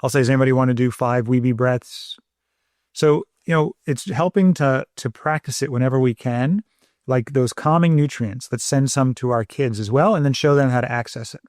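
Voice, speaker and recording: Calm, measured man explaining parenting. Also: mid-range voice, dry recording, studio quality. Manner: measured, gentle, repeats words while thinking. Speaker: podcast co-host, parenting doctor.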